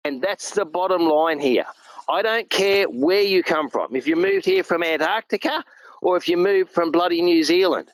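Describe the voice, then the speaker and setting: A middle-aged Australian man speaks with blunt, colloquial emphasis. His voice sits a touch high for a man. The sound is close and dry. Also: no room sound, poor audio. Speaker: truck driver guest. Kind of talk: casual chat.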